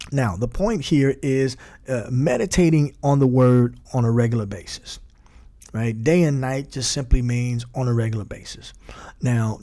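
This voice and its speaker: A man's voice: fairly low pitch, mellow. A man teaching a bible study in a conversational way, repeating phrases and building emphasis, with frequent fillers.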